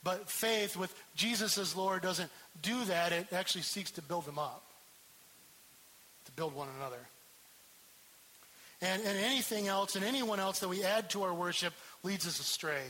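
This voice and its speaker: A man's voice: high-pitched, moderate pace, pushed and bright, rough recording. A man preaching a sermon as pastor, emphatic and repeating key words for stress.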